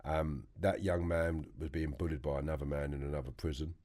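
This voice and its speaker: A man with a London accent, a podcast guest telling animated prison stories, acting out other people's voices and swearing freely. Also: very deep voice, a little fast. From England. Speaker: interview guest. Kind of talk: storytelling interview. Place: podcast studio.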